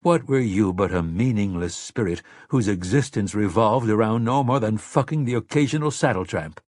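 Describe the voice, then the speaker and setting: A man's voice: fairly low pitch, expressive, moderate pace, a little mellow, no room sound, clean studio sound. A man voicing a suave, condescending male villain in an audiobook. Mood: mocking. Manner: smooth, condescending. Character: suave sinister male vampire lord, mocking.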